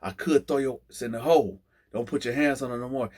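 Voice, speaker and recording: A man's voice: medium pitch, quick pace, darkish tone, natural voice. A man voicing a stern male prison guard in a storytelling vlog, firm and scolding.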